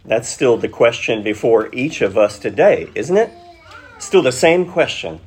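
A male preacher who unpacks scripture at an unhurried pace, pausing to ask his listeners questions. His voice has a husky, slightly breathy edge, and he keeps a teacherly tone that sits in a mid pitch. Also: sing-song. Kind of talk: expository sermon.

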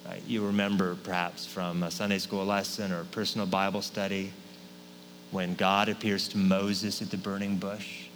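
A man preaching a sermon as pastor, speaking conversationally and often checking in with his listeners with a quick "right?". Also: deep voice, steady tone, fairly bright tone. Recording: long hall reverb, faint hum.

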